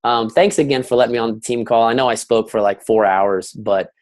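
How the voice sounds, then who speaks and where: A man's voice: mid-range voice, brisk. Upbeat man guest speaking on a call. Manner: upbeat, self-deprecating, loud talker. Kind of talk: casual call chat.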